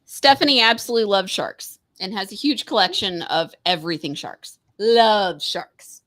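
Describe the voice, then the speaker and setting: A woman's voice: medium pitch, lively intonation, a little fast, pushed and bright. A woman co-hosting a casual chat show, teasing and laughing often. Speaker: co-host.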